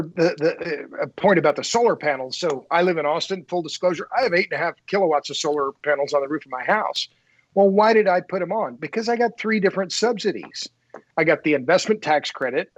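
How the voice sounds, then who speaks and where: Guest interviewee, man, fairly high voice, dry muffled remote audio, chatty with frequent restarts. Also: dry recording. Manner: talkative, repeats words when starting a thought. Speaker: podcast guest, energy writer. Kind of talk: casual conversational interview.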